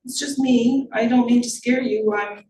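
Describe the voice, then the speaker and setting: A woman's voice: on the high side, steady tone, normal speed, warm tone, slight background noise, pitched above the performer's own voice, lightly acted. A woman voicing a timid, polite young schoolgirl. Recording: roomy, distant mic.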